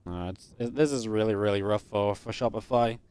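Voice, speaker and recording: A man giving live play-by-play commentary on a strategy game match, chatty and upbeat with quick reactions. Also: lowish voice, a little mellow, clear, resonant tone. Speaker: esports caster.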